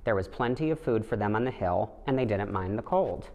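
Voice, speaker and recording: A man with a fairly low voice reads a children's picture book aloud, gentle and unhurried. His voice carries a long reverb, like a big hall. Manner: gentle, steady storytelling with light voices for the animals. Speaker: storybook reader.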